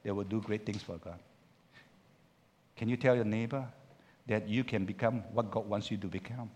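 A male pastor preaching a sermon, swinging from loud urging to quiet asides and acting out biblical speech. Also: fairly low pitch, normal speed. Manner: animated preaching with big swings in loudness, urging the congregation to repeat lines; acts out biblical characters' speech in quotes.

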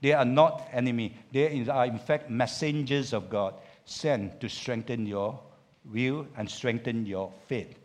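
A male pastor preaching a sermon, swinging from loud urging to quiet asides and acting out biblical speech. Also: medium pitch, a little slow. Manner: animated preaching with big swings in loudness, urging the congregation to repeat lines; acts out biblical characters' speech in quotes.

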